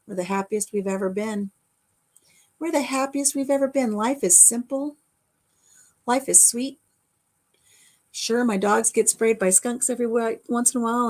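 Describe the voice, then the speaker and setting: A woman's voice: mid-range voice, darkish tone. A middle-aged woman from the American Midwest, chatting casually with a live audience on her vlog and answering viewer comments. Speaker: vlogger.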